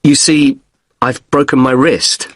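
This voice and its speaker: An actor playing a polite hotel guest. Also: male voice, mid-range voice, steady tone, a bit bright, dry recording. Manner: deliberate, spelling out letters slowly. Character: polite British man with broken wrist checking in. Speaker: hotel guest in a listening test dialogue. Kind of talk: scripted exam dialogue.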